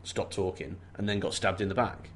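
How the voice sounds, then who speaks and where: A man's voice: sits low, steady tone, moderate pace, slight background noise. A man co-hosting a casual book chat, wry and joking with playful sarcasm. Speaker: podcast co-host. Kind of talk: casual chat about a mystery novel.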